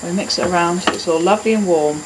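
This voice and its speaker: Amid the clatter of pans, cutlery and pots in a noisy home kitchen, a woman hosts a casual cooking demonstration. She talks at a quick pace in a fairly low voice, tossing in joking, self-mocking asides.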